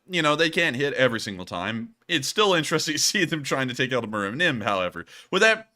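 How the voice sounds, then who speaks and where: Jokey man with a lively, bright voice. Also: on the high side. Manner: jokey, rambling, laughs at himself. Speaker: war news commentator. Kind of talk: casual commentary over footage.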